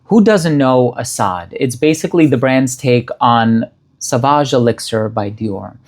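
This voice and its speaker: Man, fragrance reviewer, casual product review, descriptive, lists scent notes, mid pitch. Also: animated. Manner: descriptive, listing scent notes in a measured, appreciative way.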